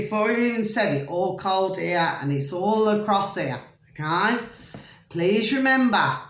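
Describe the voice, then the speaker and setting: Slow, rambling woman vlogger. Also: lowish voice, fairly bright tone, echoey room. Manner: chatty, meandering, easily distracted; calls viewers "my delicious little babies". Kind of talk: rambling monologue to camera.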